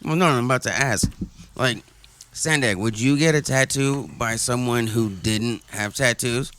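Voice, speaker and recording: A man's voice: mid-range voice, measured pace, fairly bright tone, slight background noise. A man in casual podcast chat, laid-back and profane, putting questions to the others.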